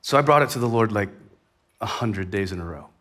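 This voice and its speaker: A man preaching a sermon as a pastor in a church, talking conversationally, with sudden lifts in energy and quiet, soft drops. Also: on the low side, lively intonation, fairly quick.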